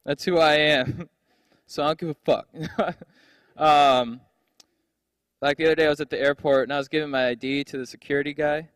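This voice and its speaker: A man's voice: on the high side, steady tone, brisk, long pauses, a bit bright, no room sound, studio quality. A young man doing a stand-up comedy set on a handheld stage mic, brash, profane and self-mocking.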